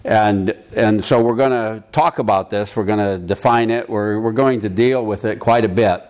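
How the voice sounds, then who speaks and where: A man leading an informal Bible study, talking through a passage in a conversational, halting way and checking in with his listeners. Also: lowish voice, a little mellow, clear, resonant tone. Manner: conversational, halting, quizzes the room. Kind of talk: informal Bible teaching to a group.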